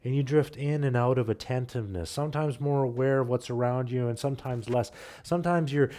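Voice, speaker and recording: Pastor telling a family story. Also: male voice, mid-range voice, dark tone. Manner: conversational, repeats words when restarting. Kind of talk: sermon storytelling. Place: church.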